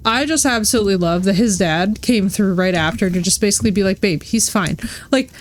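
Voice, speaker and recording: A woman's voice: medium pitch, fast, a little hiss or hum. A woman live-streaming a game in casual chat, swearing freely and filling her talk with "like". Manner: chatty, swears freely, says "like" constantly. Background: faint game music.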